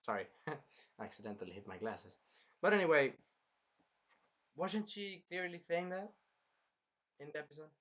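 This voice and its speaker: Man, somewhat high voice, casual rambling review chat, swears a lot. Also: moderate pace, pauses often. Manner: rambling and animated, swears freely. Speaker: anime review host.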